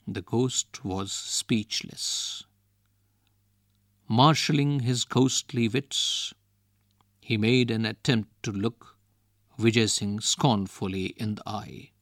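A man reading a storybook aloud, in a slow, expressive way. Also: fairly low pitch, dry recording, clean studio sound. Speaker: reader.

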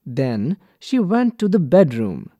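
A man reading a children's story aloud from a textbook, clear and deliberate for young learners. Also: fairly high pitch, very animated, warm tone, no echo. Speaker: textbook reader. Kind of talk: slow expressive storybook reading.

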